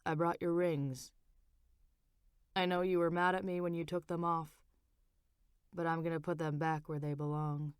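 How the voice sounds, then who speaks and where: Woman voicing a hushed, grieving husband. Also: level tone, moderate pace, long pauses, smooth, no echo, studio quality, lightly acted. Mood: pleading, tender. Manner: low, hushed, pleading. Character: grieving husband, man, distraught.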